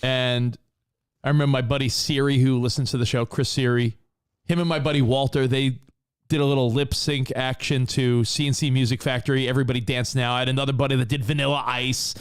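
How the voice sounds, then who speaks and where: A man co-hosting a podcast, telling stories in casual, animated banter. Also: mid-range voice, a little fast, clear, resonant tone. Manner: animated storyteller. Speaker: co-host.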